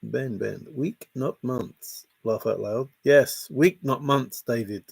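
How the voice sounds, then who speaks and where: A man's voice: mid-range voice, takes it slowly, vocal fry, a little mellow, breathy edge, no echo. A man hosting a casual livestream, reading chat and greeting viewers by name in a jokey, chatty way. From half Italian, half Scottish heritage.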